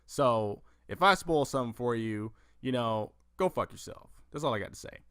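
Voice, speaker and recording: Man, movie podcast host, casual and profane, lively pitch, dry close sound. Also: normal speed, clear, resonant tone, no echo. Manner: profane, animated storytelling with acted-out quotes. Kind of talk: casual movie news chat.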